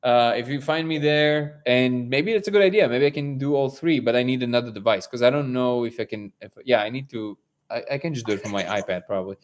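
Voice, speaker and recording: A man's voice: mid-range voice, brisk. A man hosting a daily live chat, rambling as he tells a story and acts out its dialogue. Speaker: livestream host.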